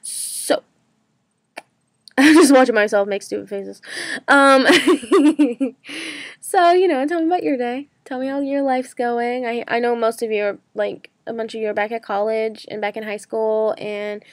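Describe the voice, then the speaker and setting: A young college woman chats away in a casual daily vlog, rambling from one thought to the next with plenty of fillers. Her voice sits a little high, and the sound is dry and close, like a webcam mic in a small room. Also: steady tone, moderate pace, dry recording. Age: young adult. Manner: chatty, rambling, lots of "like" and "um". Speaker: college student vlogger.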